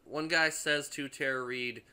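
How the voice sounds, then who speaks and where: Very bright-voiced, profane young man. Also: medium pitch, fairly even intonation, measured pace, clean tone. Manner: rambling, profane, frequent restarts and fillers. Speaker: movie reviewer. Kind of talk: casual spoiler review.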